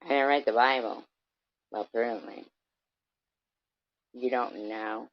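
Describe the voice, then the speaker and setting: A woman's voice: a bass voice, fairly even intonation, measured pace, dry recording, highs cut off. A woman delivering a confrontational, profane rant straight at someone on her livestream, sometimes mocking them. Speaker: vlogger.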